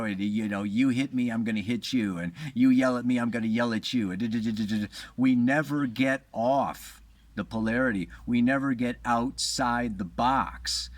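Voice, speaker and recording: Man, unhurried spiritual talk, frequent chuckles, dry close sound. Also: medium pitch, no echo. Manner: relaxed, rambling, chuckles often. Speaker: astrologer.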